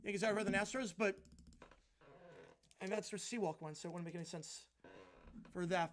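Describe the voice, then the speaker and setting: A man hosting a live stream, giving play-by-play football commentary and answering viewer chat between plays, getting excited on big plays and relaxed on the asides. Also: fairly quick, long pauses. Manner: rises into excited calls on big plays, drops low and casual when answering chat. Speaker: stream host calling games.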